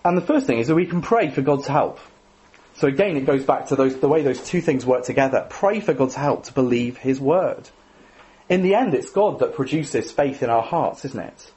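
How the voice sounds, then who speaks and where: A man's voice: medium pitch, expressive, moderate pace, darkish tone. A man giving a sermon in a conversational, self-deprecating way, often adding tag questions. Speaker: preacher.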